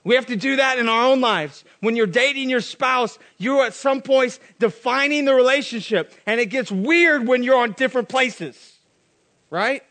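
High-voiced joking pastor man. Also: moderate pace, pushed and bright. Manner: casual, joking asides. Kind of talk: sermon.

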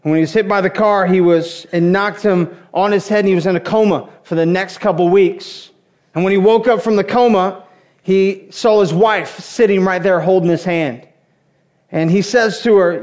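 A man's voice: high-pitched, normal speed, a little mellow. Joking male pastor telling stories. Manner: humorous storytelling, conversational. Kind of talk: sermon. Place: church before a congregation.

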